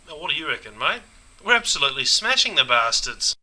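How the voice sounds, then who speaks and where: Male actor as easygoing Australian larrikin, Australian accent, broad drawl, animated. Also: fairly high pitch, quick pace, heavily acted, rough recording. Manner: broad slangy ocker drawl. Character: laid-back Aussie bloke watching cricket. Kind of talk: scripted comedy sketch.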